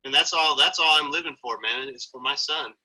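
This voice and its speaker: Husky-voiced earnest man, bright tone. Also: fairly high pitch, a little fast, poor audio. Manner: earnest, motivational. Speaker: guest, father. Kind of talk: interview conversation.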